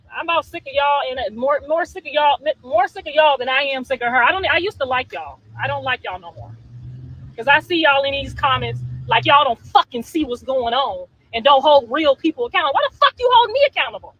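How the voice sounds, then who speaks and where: A woman's voice: high voice, fairly bright tone, no room sound. A woman ranting heatedly at her critics, profane and scolding. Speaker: guest on a livestream. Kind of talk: angry ranting monologue. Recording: dull lo-fi clip audio.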